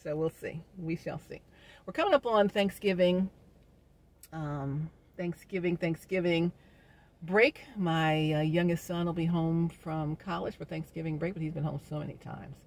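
A middle-aged woman speaks to her viewers in a chatty, uplifting vlog. Her voice carries a gravelly rasp, and she drops preacher-like asides and laughs easily. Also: low-pitched, normal speed, darkish tone. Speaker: vlogger. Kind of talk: casual inspirational vlog talk.

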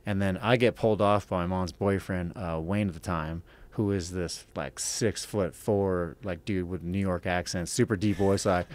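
This podcast guest from Los Angeles, USA speaks at a normal speed with a fairly low, steady, darkish voice. His storytelling is casual and profane, and he keeps rambling and tacking on "right?".

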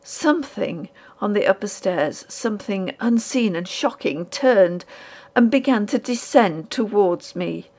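A woman narrating a ghost story audiobook in a measured, dramatic storytelling manner. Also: mid-range voice, lively intonation, darkish tone.

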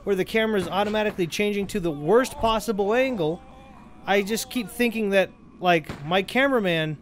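A man giving casual let's-play commentary over a game, rambling, joking and getting excited as he plays. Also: high-pitched, fairly quick, slight background noise. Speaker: gameplay commentator.

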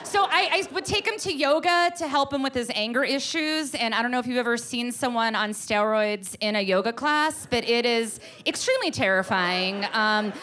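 A woman performing a stand-up comedy set, telling an animated story and slipping into voices for the people in it. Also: fairly high pitch, normal speed, hardly any pauses. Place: comedy club stage with audience.

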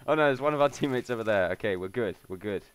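A man giving casual, excitable gameplay commentary as a channel host, with swearing and laughing asides. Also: mid-range voice, noisy background.

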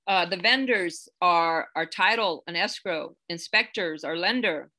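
A woman's voice: lowish voice, a little slow, pushed and bright. A woman who works as a real estate agent, teaching a live online class in an earnest, chatty way with many fillers and restarts. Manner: gets emotional, close to tears.

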